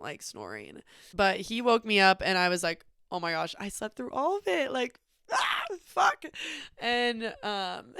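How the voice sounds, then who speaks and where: A woman's voice: mid-range voice, smooth, no room sound, studio quality. A young woman telling a personal travel story in a casual, chatty way, full of fillers. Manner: chatty, many "like" fillers, animated retelling. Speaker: podcast host.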